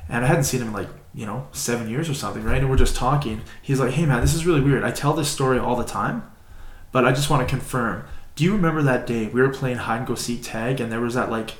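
A man co-hosting a podcast, telling a story in a casual, animated, rambling way and using "like" often. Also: mid-range voice, quick pace. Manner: animated, rambling, many "like" fillers. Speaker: podcast co-host. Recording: roomy echo.

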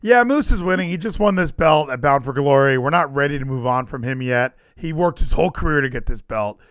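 A man hosting a casual wrestling chat, animated and chatty, laughing often. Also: a little high, brisk, no echo, studio quality. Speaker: podcast host.

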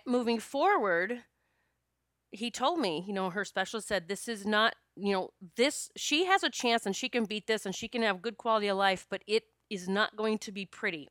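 A woman recounts a personal spiritual story in an earnest, conversational way, often circling back to restart a thought. Her voice is bright and smooth. The recording is dry, with no room sound. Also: mid-range voice, no echo.

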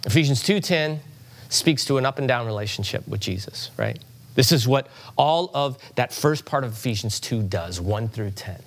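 A middle-aged man preaching a sermon to a congregation in a church, conversational and animated, with asides and rising emphasis. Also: medium pitch, normal speed, a little hiss or hum. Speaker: pastor.

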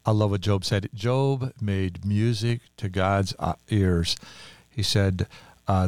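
A man's voice: on the low side, slow, a little mellow, no room sound. An older man co-hosting a casual Bible discussion podcast, speaking in an earnest, heartfelt, teaching way. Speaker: podcast co-host.

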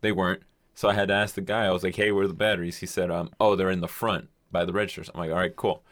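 Low-voiced young man telling a rambling story. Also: fairly even intonation, racing, a bit bright, dry recording, clean studio sound. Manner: rambling storyteller, swears casually, acts out quotes. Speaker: podcast co-host telling a story. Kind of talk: casual chat.

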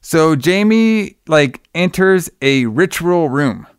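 Casual, profane man with a smooth voice. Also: on the high side, lively intonation, slow pace, no echo, studio quality. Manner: loose, profane retelling with many fillers. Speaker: podcast co-host recapping a film. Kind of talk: casual chat.

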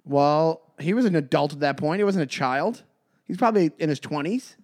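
A man's voice: fairly high pitch, normal speed, a little mellow. A man co-hosting a podcast in casual chat, joking and retelling movie scenes. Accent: New York. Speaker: podcast co-host.

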